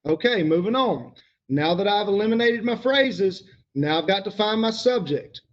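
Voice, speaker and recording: A man's voice: high-pitched, animated, moderate pace. A man teaches a grammar lesson, working step by step. He patiently puts questions to the class and waits for their answers. The recording sounds a little dull.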